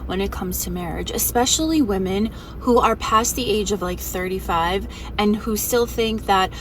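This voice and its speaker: A woman's voice: medium pitch, normal speed, far from the mic, a little hiss or hum, rough recording. A woman gives a blunt, scornful opinion rant straight to the camera.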